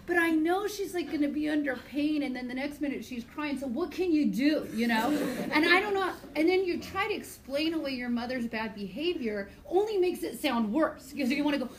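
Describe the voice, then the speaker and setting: A woman biology teacher lecturing her class in a chatty, animated way, mixing lessons with personal stories. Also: sits high, moderate pace. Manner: chatty, animated storytelling, talks to students directly. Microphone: iPad screencast recording.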